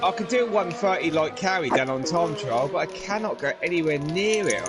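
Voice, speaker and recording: A man's voice: a little high, animated, brisk, music in the background. A man, a guest driver, chatting casually and self-deprecatingly about his own racing. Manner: self-deprecating, says mate often. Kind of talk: casual chat.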